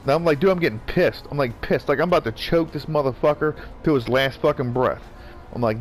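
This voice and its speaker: A man's voice: on the high side, a little fast, soft background music. Profane ranting man. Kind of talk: casual gaming rant.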